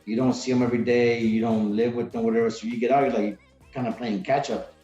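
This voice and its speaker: A man's voice: mid-range voice, fairly even intonation, quick pace, dark tone, soft background music. A man about forty, a retired Marine guest on a podcast, telling stories in a rambling, casual way full of restarts. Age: 40s. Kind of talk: casual interview chat. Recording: roomy, dull sound.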